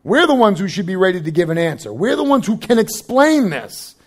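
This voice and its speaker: A man's voice: sits high, sing-song, fairly quick. A young adult man preaching a sermon as pastor, conversational and joking, with frequent asides.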